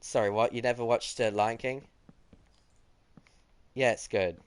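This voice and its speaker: A man's voice: medium pitch, steady tone, unhurried, clear, resonant tone, dry recording. A teenage boy streaming a game, chatting casually and teasingly as he answers his viewers. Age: teens. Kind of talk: casual chat while gaming.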